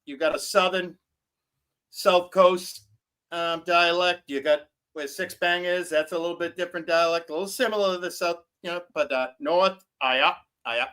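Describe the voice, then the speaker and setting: Stream host, male, rambling and giggly, a touch high in pitch. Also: steady tone, normal speed, a bit bright, smooth. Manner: rambling, joking, loose and giggly. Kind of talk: casual live-stream chat.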